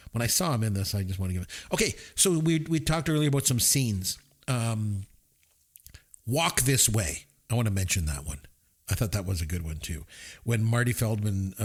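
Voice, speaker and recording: A man with a lowish, husky voice co-hosts a podcast, rambling casually through a movie review. He laughs as he retells scenes.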